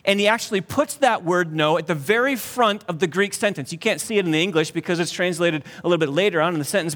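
A man preaching a sermon emphatically, dropping to a near hush to stress key points. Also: high voice, big-room sound. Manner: emphatic, with dramatic drops to a hush.

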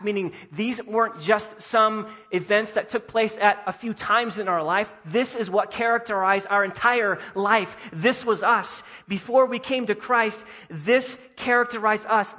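High-voiced man preaching a sermon. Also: pushed and bright, dull audio. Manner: earnest, emphatic preaching with repetition. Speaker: pastor. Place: church sanctuary.

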